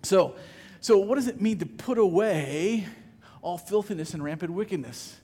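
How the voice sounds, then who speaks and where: A man's voice: high-pitched, animated, normal speed, mellow, breathy edge, long reverb tail. A man preaching a sermon as pastor, conversational, often repeating words as he starts a phrase.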